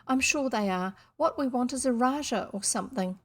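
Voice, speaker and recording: A woman voicing a fretful little girl in a high voice. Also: normal speed, lightly acted. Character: girl Jane, anxious and fussy.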